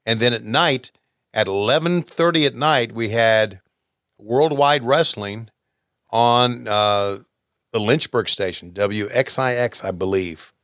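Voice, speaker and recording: A man's voice: mid-range voice, slow pace, fairly bright tone, no echo. Fifties guy cohosting, easygoing reminiscing, middle voice, dry mic. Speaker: podcast co-host. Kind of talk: casual chat.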